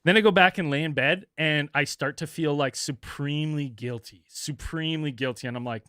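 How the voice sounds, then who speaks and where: A podcast co-host tells a story in a casual, animated way, swearing freely and putting on high voices for other people. His voice sits a bit high for a man. The sound is dry and close to the mic. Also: moderate pace, hardly any pauses, clear, resonant tone, no room sound.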